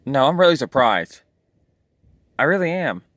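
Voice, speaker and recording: A man's voice: mid-range voice, very animated, moderate pace, a bit bright, dry recording. A man voicing a jittery male robot clown who is frightened of storms, sighing and whining as he talks. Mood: fretful. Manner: sighing, whiny, easily frightened.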